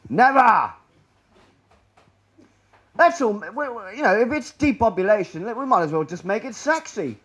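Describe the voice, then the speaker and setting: Man presenter, fairly high voice, rambling sardonic talk to a room. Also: expressive, a little fast, few pauses, breathy edge. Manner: rambling, sardonic, trails off quietly. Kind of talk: public presentation. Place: lecture room.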